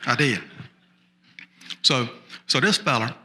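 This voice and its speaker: A man's voice: mid-range voice, slow pace, sharp tone. A man telling a folksy tall tale as a small-town sheriff, drawling and chatty, with repeated asides to the audience. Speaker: storyteller. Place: storytelling festival stage.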